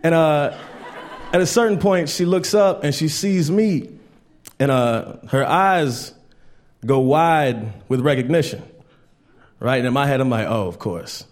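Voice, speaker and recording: A man performing a stand-up comedy set on stage, telling stories and mimicking people in animated voices. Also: on the high side, measured pace, long pauses.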